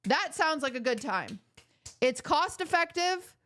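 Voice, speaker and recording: Young woman streamer rambling and joking to chat, kinda high voice, playful mock outrage. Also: very animated, a little slow, fairly bright tone. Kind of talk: casual chat with chat viewers.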